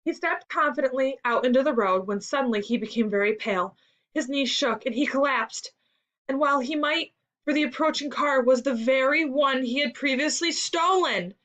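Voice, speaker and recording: A woman reading a classic story aloud in an expressive storytelling manner for a school reading lesson. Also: high-pitched, normal speed. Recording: dull lo-fi recording.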